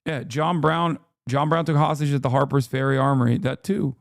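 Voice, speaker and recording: A man's voice: medium pitch, little pitch movement, moderate pace, creaky, no room sound, studio quality. A man hosting a livestream, losing his voice, giving heated, profane and exasperated reaction commentary into a desk mic. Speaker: livestream host.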